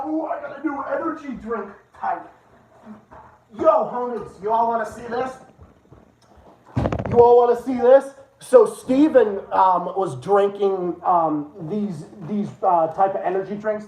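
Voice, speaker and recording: A man's voice: high voice, darkish tone, a little hiss or hum. A man hosting a livestream, ranting with heated, profane political commentary. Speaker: livestream host. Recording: roomy echo.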